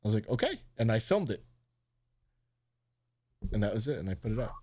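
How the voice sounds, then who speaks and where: A man's voice: fairly low pitch, brisk. A man hosting a live stream, casually telling a story, swearing freely and acting out what people said in a raised voice. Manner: animated, swearing, acts out quotes in a raised voice. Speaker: host.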